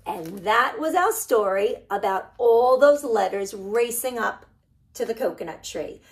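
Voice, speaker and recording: A woman, a children's librarian, reading a picture book aloud to preschoolers with animated, singsong storytelling. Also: a little high, unhurried. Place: library program recorded for online viewing.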